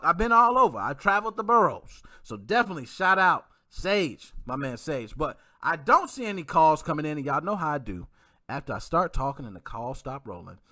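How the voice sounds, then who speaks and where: A man hosting his own livestream podcast, chatting in slang, giving shout-outs and reading out viewer comments. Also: sits high. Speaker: podcast host. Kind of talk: casual livestream podcast chat.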